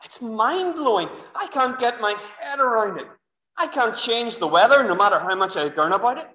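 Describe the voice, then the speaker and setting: A very high, pushed and bright male voice with lively intonation and a moderate pace carries this sermon. The minister, who has a Northern Irish accent, tells the story vividly and addresses the children and congregation directly, using a clip-on microphone in an echoey church.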